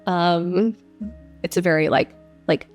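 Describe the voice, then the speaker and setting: A woman's voice: fairly low pitch, unhurried, faint music behind. A young woman who narrates audiobooks, answering interview questions in a casual, reflective way with frequent fillers.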